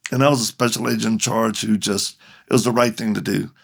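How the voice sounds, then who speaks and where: A man's voice: on the low side, fairly even intonation, quick pace, creaky, slightly rough. A middle-aged man, a ministry leader and podcast guest, telling a story animatedly, acting out both sides of the dialogue.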